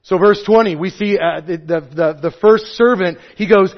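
Emphatic preaching man, lo-fi sound. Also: normal speed. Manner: emphatic, swings between loud stresses and soft low asides. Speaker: pastor. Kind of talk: sermon. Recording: dull lo-fi sound.

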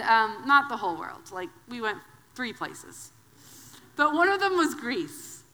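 A woman from Wisconsin, in her thirties, preaching a sermon as a guest preacher, telling personal stories in a conversational, animated way. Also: fairly high pitch. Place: church sanctuary. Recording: long hall reverb.

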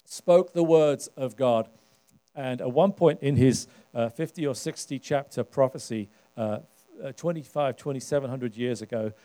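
Mellow-voiced British pastor preaching. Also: male voice, medium pitch. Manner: conversational, rallying the congregation with questions. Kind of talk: sermon. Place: church service.

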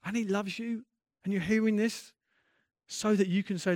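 A man's voice: high-pitched, a little slow, darkish tone, dry recording, clean studio sound. A man preaching a sermon as a pastor, earnest and impassioned, often restarting his sentences and building in intensity.

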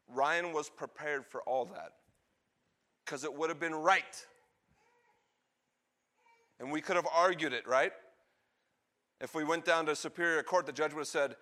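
A man preaching, telling a story and acting out the lines of its characters in an animated way. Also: on the high side, unhurried, long pauses. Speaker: pastor. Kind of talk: sermon storytelling.

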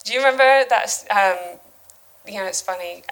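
A woman, likely in her thirties, giving a casual, chatty sermon at her church, animated and full of asides and fillers. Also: mid-range voice, moderate pace, low-quality recording. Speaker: speaker at a church.

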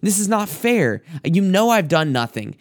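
A man's voice: high-pitched, sing-song, unhurried, voice pushed up, exaggerated voice. A man voicing an anguished man pleading with God, his voice raised in indignant questions.

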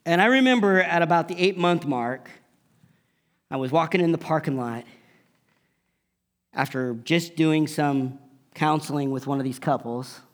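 A middle-aged man preaching a sermon as a pastor, telling a personal story with sudden loud emphatic peaks and drops into a whisper. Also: on the high side, unhurried, pauses often.

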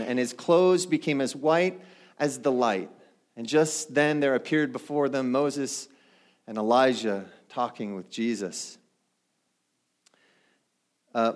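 Man, middle-aged pastor, sermon, conversational, asks the room questions, mid-pitched voice.

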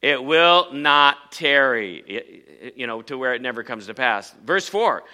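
A man's voice: medium pitch, lively intonation, moderate pace, few pauses, pushed and bright. A man, a pastor, preaching a sermon in church, emphatic and often asking the congregation questions.

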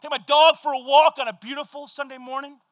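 A middle-aged male pastor giving a sermon, telling a story with lively energy and shouting at the high points. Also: dry recording. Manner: animated storytelling, shouting at peaks, quick asides.

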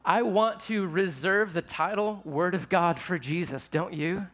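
A man's voice: sits high, measured pace, fairly bright tone. A man preaching a sermon to a live audience in a conversational way, asking them questions as he teaches. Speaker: pastor.

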